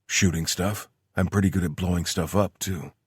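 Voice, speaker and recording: A wry soldier jokes with his lover in a deep, low voice with a husky edge, as a male narrator reads him. The banter is dry and deadpan, close and without room sound. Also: moderate pace, dry recording.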